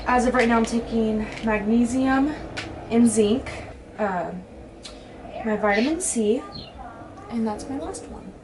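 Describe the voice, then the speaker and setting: A woman's voice: on the high side, a little slow, pauses often, background noise. A young woman vlogging at home about her competition prep, chatty and bubbly, talking into a handheld camera and often saying "dude". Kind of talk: casual vlog chat.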